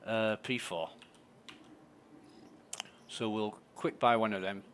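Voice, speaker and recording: A man's voice: on the low side, steady tone, takes it slowly, fairly bright tone, slight background noise. A man commentating casually on his gameplay, thinking aloud, muttering and swearing. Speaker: game streamer.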